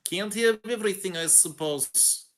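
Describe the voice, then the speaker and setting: A man's voice: sits high, moderate pace, fairly bright tone. A man co-hosting a stream, easygoing, often stammering on his words. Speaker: co-host and reader. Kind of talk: casual stream chat.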